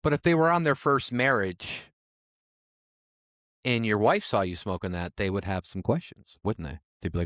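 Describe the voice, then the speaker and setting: A man's voice: on the low side, normal speed, fairly bright tone, dry recording, studio quality. A man co-hosting a podcast in casual chat, reading out odd names and adding wry asides. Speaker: podcast co-host.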